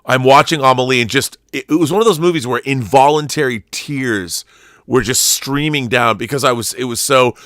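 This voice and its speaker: Give me a middle-aged host in casual chat, crisp and bright, recorded dry. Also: male voice, mid-range voice, normal speed, no echo. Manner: rambling, restarts, emotional storytelling. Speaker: channel host.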